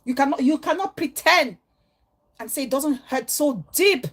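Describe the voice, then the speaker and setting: A woman's voice: high-pitched, animated, moderate pace. A middle-aged woman vlogger giving an earnest, emotional and preachy monologue to her viewers. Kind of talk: heartfelt vlog monologue.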